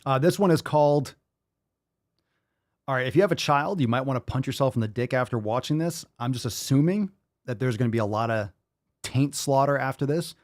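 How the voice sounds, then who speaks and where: A man's voice: medium pitch, fairly quick, no echo, studio quality. A man in his thirties hosting a podcast, ranting casually in an exasperated, profane way and repeating himself. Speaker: podcast host.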